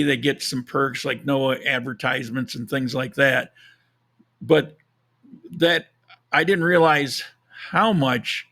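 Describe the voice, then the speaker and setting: A man hosting a live podcast, chatting casually with a hoarse, froggy voice, rambling and correcting himself as he goes. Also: mid-range voice, a bit bright. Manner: rambling, self-correcting, chuckles at own jokes. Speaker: podcast host. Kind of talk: casual live-stream chat.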